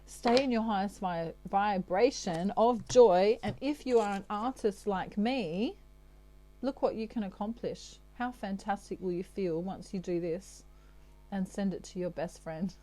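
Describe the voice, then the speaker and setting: An Australian woman giving a chatty tarot reading, often pausing on "okay" between messages. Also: medium pitch, dark tone. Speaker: tarot reader. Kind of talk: channeled tarot reading monologue.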